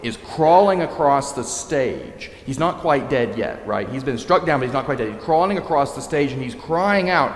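A man preaching a sermon, telling a story in a lively way and acting out the characters' lines. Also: medium pitch, normal speed, hardly any pauses. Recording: echoey hall.

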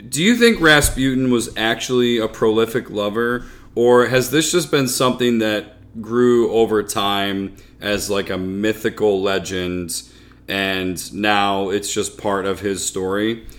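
A man's voice: lowish voice, fairly bright tone. A man co-hosting a podcast, chatting casually over beers in a rambling, joking way and laughing often. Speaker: podcast co-host.

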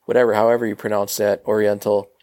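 A man's voice: lowish voice, level tone, fast talker, darkish tone. A man as a podcast guest in casual chat, laid-back and jokey, peppering his talk with dude and man.

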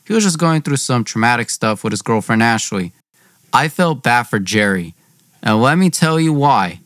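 A man's voice: medium pitch, expressive, moderate pace, a bit bright, no echo, studio quality. A young man narrating his own story in a plain, conversational way.

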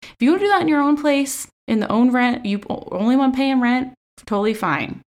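Recorded on a phone's selfie camera, a young woman gives a casual, profane recap of a reality show, chatty, sarcastic and full of filler words. Her high voice is animated and a little fast.

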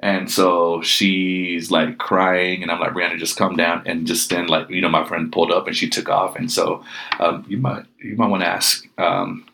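Deep-voiced man telling a ghost story. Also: normal speed, creaky. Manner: animated, acts out quoted speech. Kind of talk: casual storytelling.

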